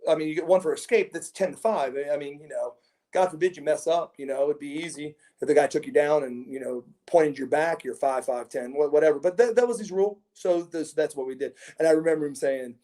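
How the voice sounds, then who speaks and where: Mellow-voiced man telling rambling stories. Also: fairly high pitch, a little fast. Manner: rambling, repeats words and restarts, chuckles between stories. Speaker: interview guest, former pro wrestler. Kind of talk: casual anecdotal storytelling.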